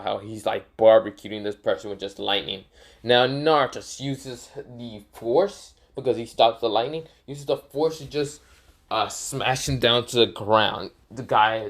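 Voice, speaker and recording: Man, casual fan-story narration, rambling, fillers, self-corrections. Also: fairly low pitch.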